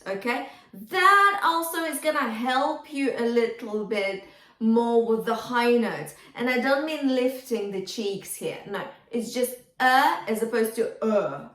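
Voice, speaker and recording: A woman vocal coach talks singers through their technique in an encouraging way, dropping into brief sung examples. Her voice sits fairly high. The sound is roomy, with her set back from the microphone. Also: fairly bright tone. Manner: encouraging, demonstrative, sings short phrases to show. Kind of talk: singing lesson feedback with sung demonstrations. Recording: roomy, from a distance.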